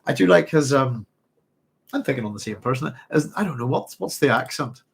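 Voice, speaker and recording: A man's voice: mid-range voice, animated, a little fast, gravelly, slightly rough. A man hosting a live chat, rambling and hesitant as he reads out viewer comments. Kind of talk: casual live-stream chat.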